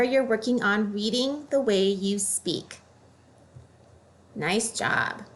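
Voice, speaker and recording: A woman teaching a phonics lesson for children, modeling each word slowly and clearly. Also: a little high.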